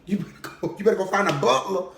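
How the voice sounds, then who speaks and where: A man voicing an indignant middle-aged auntie who flatly refuses to carry a casket, protesting loudly and emphatically. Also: high-pitched, vocal fry, pitched above the performer's own voice. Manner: loud, emphatic, drawn-out protests. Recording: roomy echo.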